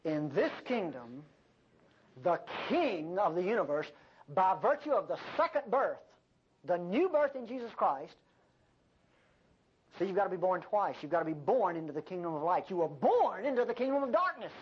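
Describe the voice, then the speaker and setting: An older woman preaching a sermon, with an animated delivery and folksy asides. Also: on the low side, normal speed, slightly rough. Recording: dull lo-fi sermon recording.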